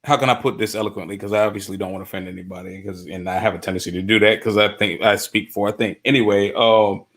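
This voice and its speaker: Low-voiced man, halting and searching. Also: steady tone, fairly bright tone. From US East Coast. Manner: halting, searching for words, many fillers. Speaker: roundtable guest. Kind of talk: casual chat.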